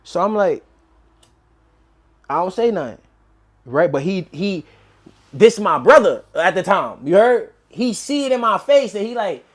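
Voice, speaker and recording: High-voiced New man telling a story. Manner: animated street slang, quick quoted dialogue. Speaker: interview guest. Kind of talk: casual storytelling.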